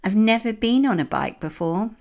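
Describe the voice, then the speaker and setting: A woman doing a small, excitable hedgehog-like creature from a children's storybook. He speaks with eager delight. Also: mid-range voice, normal speed, gravelly, pitched above the performer's own voice. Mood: excited.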